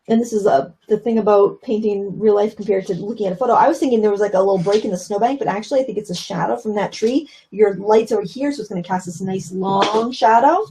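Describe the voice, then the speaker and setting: A woman's voice: medium pitch, a little mellow, rough recording. A woman teaching watercolor painting on a live stream, chatting casually and explaining as she paints, with plenty of fillers. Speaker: watercolor instructor.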